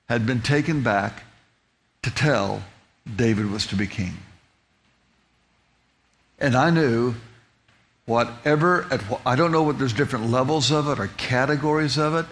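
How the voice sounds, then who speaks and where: A man's voice: medium pitch, a bit bright. Man rambling through a vivid personal testimony. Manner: rambling, with frequent restarts and repeated words; vivid, detailed describing. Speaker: speaker giving a personal testimony. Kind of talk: storytelling testimony.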